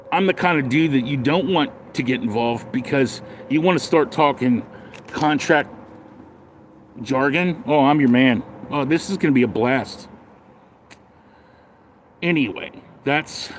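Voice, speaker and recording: A man with a fairly high voice drawls through a blunt, sarcastic rant and then reads viewer comments. He speaks slowly, with a faint hum of background noise. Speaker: live streamer reading comments. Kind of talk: casual livestream rant.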